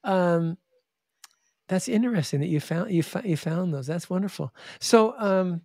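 A man telling stories in an interview in an animated way, often restarting and acting out the people he quotes. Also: high voice, a little slow, vocal fry, dry recording, clean studio sound. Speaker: charity founder and guest. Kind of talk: interview storytelling.

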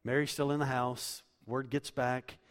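A male pastor preaches in a middle-pitched voice, walking his listeners through scripture verse by verse. His words carry a long reverb, as if he is speaking in a large church sanctuary. He swings from quiet explanation to loud, emphatic declarations. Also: little pitch movement, a little slow. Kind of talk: sermon.

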